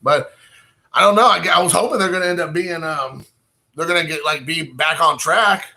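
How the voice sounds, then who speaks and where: A bright, slightly high male voice that rambles through a casual vlog, talking straight to his viewers from home. He jokes at his own expense and hops loosely from one thought to the next. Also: moderate pace, creaky. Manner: rambling, self-mocking, chatty with viewers. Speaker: channel host.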